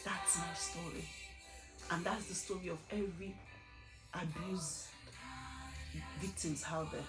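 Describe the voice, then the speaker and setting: A woman's voice: lowish voice, steady tone, measured pace. A woman giving an earnest, emphatic gospel testimony, asking her listeners rhetorical questions. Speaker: gospel speaker. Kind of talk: personal testimony sermon. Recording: echoey room with faint music.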